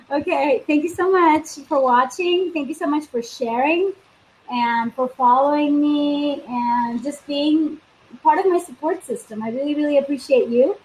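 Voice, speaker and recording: A woman's voice: high voice, unhurried, a little mellow, a little hiss or hum, low-quality recording. A woman life coach hosting a live video stream, chatting casually and upbeat, talking straight to her viewers.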